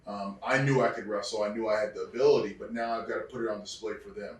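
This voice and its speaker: A man's voice: lowish voice, steady tone, fast talker. A man, a former wrestler, tells reflective stories in an interview, restarting often and acting out the people he quotes. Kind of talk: storytelling interview. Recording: echoey room, distant mic.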